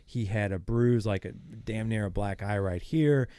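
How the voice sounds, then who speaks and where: A man's voice: fairly low pitch, measured pace, clear, resonant tone, no echo. A middle-aged man, a podcast guest, telling a story casually and acting out the dialogue. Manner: animated, acts out quoted dialogue.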